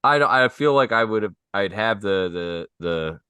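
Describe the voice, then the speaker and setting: Upbeat guy teasing his cohost, pitch jumps all over, dry mic. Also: lively intonation, moderate pace, sharp tone, clear, resonant tone, dry recording. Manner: teasing and upbeat, laughs easily. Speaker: podcast co-host. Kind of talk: casual chat.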